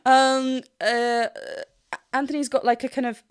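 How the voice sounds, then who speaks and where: Excited woman vocal coach, high voice. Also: a little slow, smooth. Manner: animated, laughs often, sings snippets to demonstrate. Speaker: vocal coach reacting to a song. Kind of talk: excited reaction commentary.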